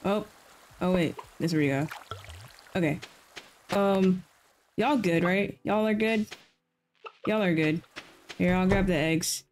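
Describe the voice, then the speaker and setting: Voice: mid-range voice, a little slow, pauses often, slight background noise. Laid-back chatty gaming streamer. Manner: laid-back, chatty, repeats slang phrases. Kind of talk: casual live-stream chat while gaming.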